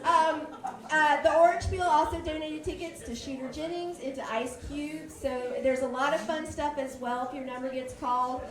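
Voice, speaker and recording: High-voiced woman making stage announcements. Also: fairly even intonation, normal speed, echoey room, recorded from a distance, crowd noise. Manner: chatty, upbeat announcer. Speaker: show co-host. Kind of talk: live announcements. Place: comedy club stage.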